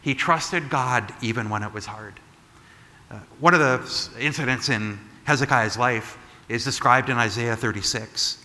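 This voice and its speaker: A man, a pastor, giving a conversational sermon, animated as he retells a story, with frequent asides like "right?". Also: mid-range voice, moderate pace, big-room sound. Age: adult.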